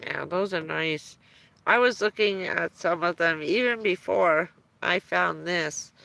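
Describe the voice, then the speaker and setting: A woman talks slowly on a live stream, her voice gravelly with fry and a bright edge. She rambles through stories in casual chat, chuckling between phrases. The sound is dry and close. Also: on the low side, dry recording.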